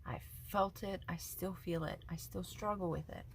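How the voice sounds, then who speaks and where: A woman's voice: lowish voice, normal speed, slight background noise. A woman vlogger giving an earnest, emotional personal faith testimony, speaking in a tender, confiding way. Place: front porch at home.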